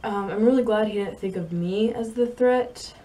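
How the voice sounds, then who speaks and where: A young woman vlogging, telling a story in a rambling, halting way with many fillers and soft laughs. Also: medium pitch. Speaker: vlogger and horse rider. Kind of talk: casual storytelling to camera.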